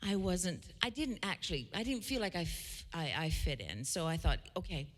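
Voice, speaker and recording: A woman's voice: lowish voice, big pitch swings, normal speed. A woman from Canada, a singer-songwriter, telling stories between songs in a chatty way, often restarting her sentences. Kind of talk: casual storytelling between songs.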